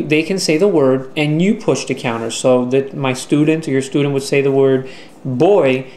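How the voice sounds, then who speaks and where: A man talking through a teaching strategy in an instructional video, slow and deliberate, with the odd filler. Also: mid-range voice, darkish tone, a little hiss or hum. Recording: echoey room with faint ambience.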